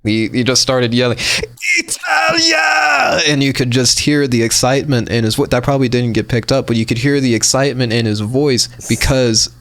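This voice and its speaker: Trading casual banter on a podcast, this co-host spins meandering, lively stories at a brisk clip with hardly any pauses. His voice sits at medium pitch, and there's no room sound.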